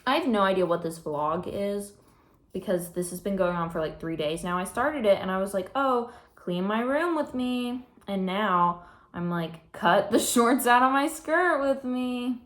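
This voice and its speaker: A woman's voice: mid-range voice, moderate pace, a bit bright. Chatty teen girl in an echoey room. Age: teens. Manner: chatty storytelling with many fillers. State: slightly out of breath. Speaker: vlogger. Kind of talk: casual vlog chat.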